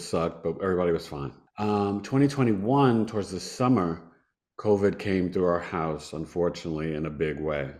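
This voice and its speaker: A man in his fifties, a podcast guest, telling a personal story in a conversational, animated way and laughing now and then. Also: low-pitched. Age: 50s.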